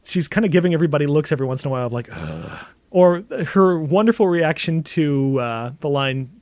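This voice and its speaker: A man co-hosting a film podcast talks quickly and eagerly, often breaking into laughter. His voice sits a little high for a man. The sound is dry and close, with no room echo. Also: lively intonation, a little mellow. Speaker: podcast co-host. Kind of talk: casual film discussion.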